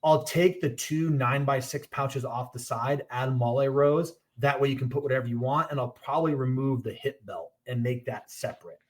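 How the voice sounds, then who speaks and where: A man's voice: mid-range voice, moderate pace, few pauses. A man talking casually as a podcast guest, rambling and restarting as he explains his products and pricing. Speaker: gear brand owner, podcast guest.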